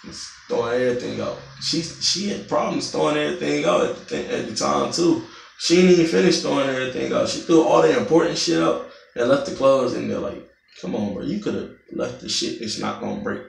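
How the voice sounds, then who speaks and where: Gravelly young man telling a profane story. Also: medium pitch, expressive, brisk. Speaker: vlogger. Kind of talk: storytime vlog. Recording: roomy, distant mic.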